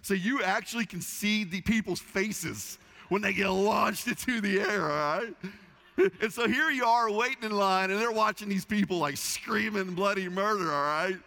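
A middle-aged male pastor preaching a sermon, his fairly high voice bright and forceful. He tells stories in a lively way, often restarting his words. The sound rings with the long reverb of a large church hall. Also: normal speed, creaky. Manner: lively storytelling with repeated restarts.

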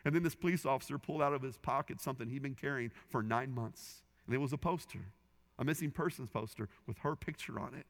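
A man's voice: medium pitch, fast. A man preaching a sermon as a pastor, earnestly telling a story and quoting others with rising and falling intensity. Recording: long hall reverb.

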